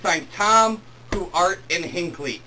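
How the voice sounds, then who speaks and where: A young man hosting his own sports talk show, reading emails and ranting excitedly about football. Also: sits high, takes it slowly, a little hiss or hum. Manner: excitable, worked up when ranting. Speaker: host. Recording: distant mic with faint room ambience.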